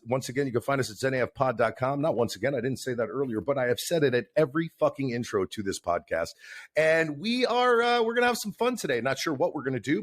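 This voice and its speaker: A man hosting a podcast in casual chat, joking in a goofy way with many fillers. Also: medium pitch. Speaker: podcast co-host.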